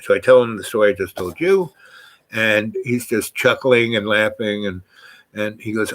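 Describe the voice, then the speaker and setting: A man's voice: on the low side, moderate pace, a bit bright, low-quality recording. Rambling man telling a story. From New York. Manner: meandering, full of asides and restarts. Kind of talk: casual personal storytelling.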